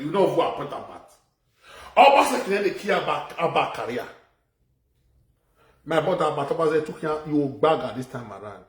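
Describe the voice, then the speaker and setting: A man with a Nigerian Pidgin accent, ranting loudly in a casual live video, repeating phrases and laughing between points. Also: on the high side, distant mic. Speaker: social media commentator. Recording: echoey room, voice away from mic.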